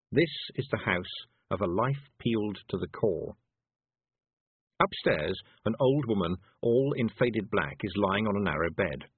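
A man narrating an audiobook in a measured, wry manner. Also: on the low side, husky, no echo. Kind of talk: scripted narration. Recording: dry tinny phone-like audio.

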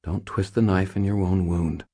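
Male narrator doing a raised-pitch young woman apprentice, earnest and protective, pleading. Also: fairly even intonation, moderate pace, dark tone. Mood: urgent. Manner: pleading, tearful.

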